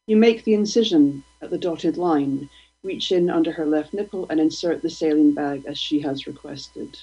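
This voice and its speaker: A woman, a guest poet, reading her poems aloud in a slow, deliberate, provocative way. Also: deep voice, mellow, husky. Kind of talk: poetry reading. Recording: dull lo-fi radio stream.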